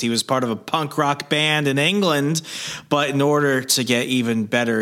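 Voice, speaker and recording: A man's voice: mid-range voice, sharp tone. A man co-hosting a casual podcast, eagerly explaining a character's background, listing facts with plenty of fillers. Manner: enthusiastic explainer, lists facts, many fillers. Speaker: podcast co-host. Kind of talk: casual chat.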